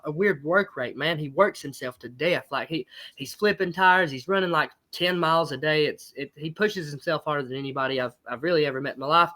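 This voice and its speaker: A man talks as a guest in a casual interview. His voice sits high and sounds bright and forceful. He rushes through blunt, emphatic talk and swears freely. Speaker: fight promotion owner, guest.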